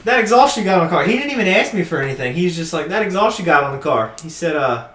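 High-voiced man in an echoey room. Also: lively intonation, quick pace, a bit bright, distant mic. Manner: laid-back, chuckling anecdote teller. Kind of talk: casual storytelling chat.

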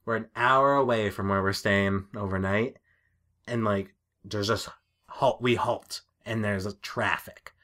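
A man with a lowish voice chats on a casual podcast. He is from New England and tells stories with quick asides and easy laughs. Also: fairly even intonation, bright, forceful tone. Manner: laughing, storytelling, quick quips. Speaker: podcast co-host.

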